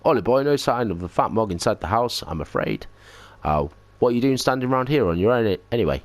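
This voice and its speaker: A man's voice: fairly low pitch, animated, fast, slight background noise. An actor playing a cheeky, blunt little male fairy sidekick in a video game, talking in brash slang. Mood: gruff.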